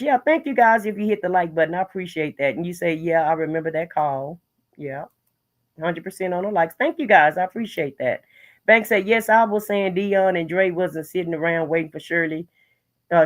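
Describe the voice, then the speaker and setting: A casual livestream host who reads viewer comments aloud and reacts with blunt opinions, often restarting words mid-sentence. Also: medium pitch. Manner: frequent restarts and repeated words. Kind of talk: casual live chat commentary.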